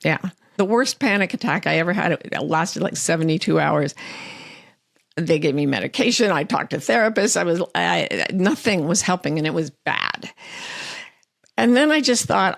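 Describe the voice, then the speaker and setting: Middle-aged woman author as a guest, gravelly and low-ish, dry close sound, earnest and animated. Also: moderate pace, no room sound. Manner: earnest, animated storytelling with quoted self-talk. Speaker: author and life coach, guest. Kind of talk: interview conversation.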